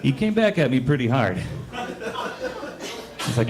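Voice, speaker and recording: A man performing a stand-up comedy set on a club stage into a handheld mic, telling stories deadpan and acting out the voices of the people in them. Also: medium pitch, a little slow, a crowd in the background. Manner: deadpan storytelling with acted-out voices.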